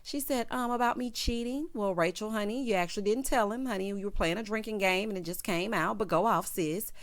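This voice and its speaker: A woman's voice: mid-range voice, a little fast. A woman host giving a casual, sassy recap of a reality show, talking with features and peppering her speech with "honey" and "child.". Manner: sassy, chatty, full of "honey" and "child" asides.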